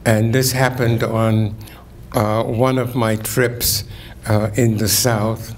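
Older man, slow dramatic poetry reading. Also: fairly low pitch, flat delivery, a little hiss or hum. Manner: slow, declamatory, rising to ringing emphasis on key words. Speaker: keynote speaker reading poetry. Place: event hall at a community breakfast.

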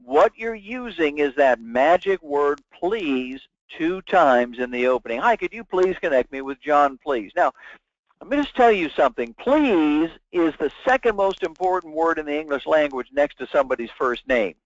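This man's voice runs on the high side and is very animated, moving at a normal speed with no echo. Lecturing as a sales trainer on a webinar, he talks emphatically and role-plays sample phone calls, all captured in dull, dry lo-fi audio.

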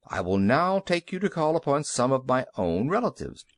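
A pompous bun gentleman, as a man puts him on for a children's storybook, fussy and gossipy with a lively, swinging pitch. Dry, close sound. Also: moderate pace, no room sound. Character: stern pompous male bread-bun townsman. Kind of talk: children's audiobook reading.

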